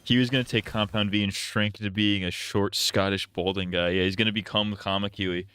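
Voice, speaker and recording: A man's voice: on the low side, flat delivery, brisk, fairly bright tone, smooth. A man streaming live, chatting casually in a profane, rambling, jokey way full of restarts.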